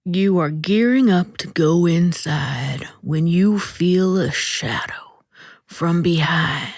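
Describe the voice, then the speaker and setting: A woman hosting a podcast, reading a short story aloud in a slow, deliberate way that dips into soft whispers. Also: on the low side, gravelly, dry recording, clean studio sound.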